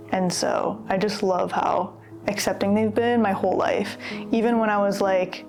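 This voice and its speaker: A woman's voice: mid-range voice, steady tone, moderate pace. A young woman speaking earnestly and chattily in a personal interview, with casual fillers. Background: guitar music.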